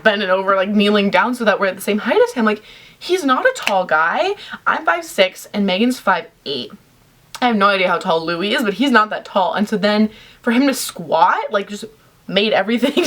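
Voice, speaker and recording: A young woman telling a story to camera in a chatty, animated way, full of "like" fillers. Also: mid-range voice. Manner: chatty, animated, heavy use of "like". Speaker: vlogger.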